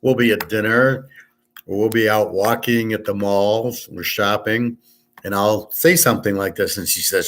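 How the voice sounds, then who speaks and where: A man hosting a casual livestream, talking loud and clear on purpose, blunt and opinionated, rambling from one point to the next. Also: fairly low pitch, moderate pace. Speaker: sports handicapping show host. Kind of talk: casual livestream chat with viewers.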